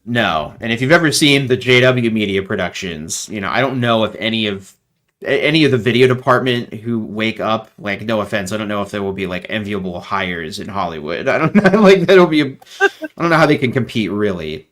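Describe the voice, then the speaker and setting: A man talking as a guest in a casual interview over a video call, animated and rambling with lots of fillers. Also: on the low side, brisk.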